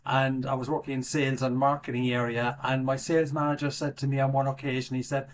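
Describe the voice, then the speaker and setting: A man's voice: mid-range voice, flat delivery, a little fast, few pauses. A middle-aged Irish man, a podcast guest chatting casually with dry, self-mocking humor. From Ireland. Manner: wry, self-deprecating humor. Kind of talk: casual interview chat.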